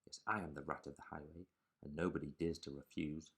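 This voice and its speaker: A man voicing a greedy, bullying male rat highwayman in a storybook reading, gruff and swaggering. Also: steady tone, brisk, a bit bright, full character voice.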